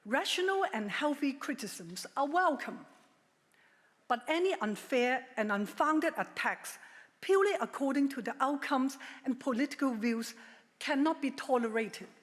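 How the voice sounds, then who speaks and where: A middle-aged woman giving a formal prepared speech at a legal ceremony, measured and emphatic with a touch of dry humor. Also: high-pitched, expressive. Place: large ceremonial hall. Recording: long hall reverb.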